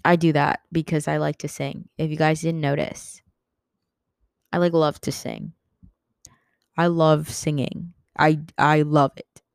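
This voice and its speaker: Young woman, solo podcast host, giggly and scatterbrained, unhurried delivery. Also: low-pitched, little pitch movement, gravelly, smooth, dry recording. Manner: giggly, rambling, loses her train of thought. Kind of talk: casual solo podcast chat.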